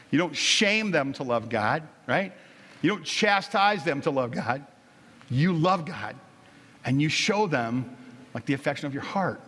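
A man's voice: fairly high pitch, fairly bright tone, big-room sound. A middle-aged man preaching a sermon as pastor, talking in a casual, folksy way with stories and frequent restarts. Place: church sanctuary.

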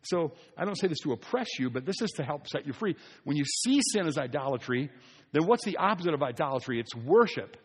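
Husky-voiced preacher in a reverberant hall. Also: male voice, a little high, animated, fairly quick. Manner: conversational preaching, repeats phrases for emphasis. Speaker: pastor. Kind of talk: sermon.

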